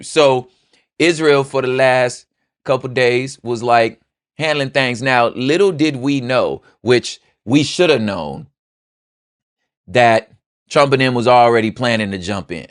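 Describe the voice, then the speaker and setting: A man's voice: medium pitch, unhurried, clean tone, no echo, studio quality. A young man hosting a podcast, giving loose, slangy, joking political commentary. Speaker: podcast host.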